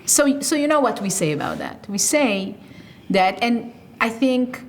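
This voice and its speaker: A woman's voice: fairly high pitch, lively intonation, unhurried. A woman hosting an interview, earnestly explaining ideas step by step and checking in with rhetorical questions. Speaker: podcast host.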